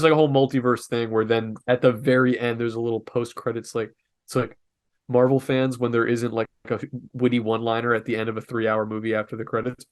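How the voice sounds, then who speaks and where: Rambling, foul-mouthed young man. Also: medium pitch. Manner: rambling, swearing, frequent restarts. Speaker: podcast co-host. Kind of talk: crude casual banter.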